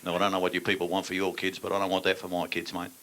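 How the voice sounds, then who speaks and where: A man's voice: low-pitched, monotone, rapid-fire, a bit bright, slight background noise, rough recording. An older man with an Australian accent doing crude stand-up banter, blunt and swearing, jabbing "mate" into his lines. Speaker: stand-up performer on stage.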